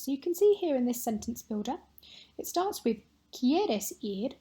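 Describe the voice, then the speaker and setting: A woman teaching a recorded Spanish lesson, modelling words clearly and patiently for pupils to repeat. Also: sits high, big pitch swings, normal speed, dark tone.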